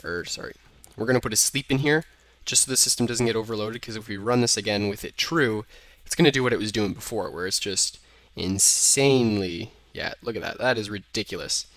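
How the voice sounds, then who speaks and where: A man's voice: lowish voice, brisk, fairly bright tone, dry recording. Casual young man explaining code. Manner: casual, thinks aloud while typing, self-corrects. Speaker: programming tutor. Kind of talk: screen-recorded coding tutorial. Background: keyboard typing.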